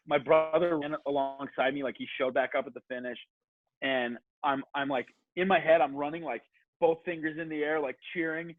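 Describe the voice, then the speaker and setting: A man on a podcast, telling a long story in a casual, animated, rambling way, swearing freely and saying "like" a lot. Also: fairly high pitch, normal speed, no room sound. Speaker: podcast guest. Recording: tinny phone-like sound, dry.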